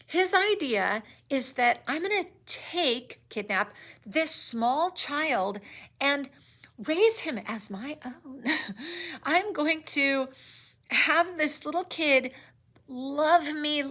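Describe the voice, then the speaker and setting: A woman's voice: high voice, animated, slow, sharp tone. A woman teacher recapping a novel chapter, reading passages aloud and adding conversational asides to the listener.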